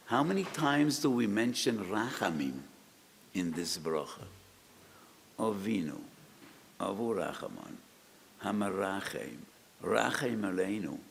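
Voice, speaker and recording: Slow gravelly older rabbi in a hall. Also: male voice, fairly low pitch. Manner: slow, storytelling delivery that rises to cries in acted pleas. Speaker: rabbi giving a weekly lecture. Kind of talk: sermon-style lecture. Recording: long reverb, faint background noise.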